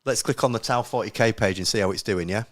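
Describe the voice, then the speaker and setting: A man's voice: on the low side, fast, noisy background. A young man hosting a casual live-stream podcast, joking, laughing often and talking to the chat. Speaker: podcast host.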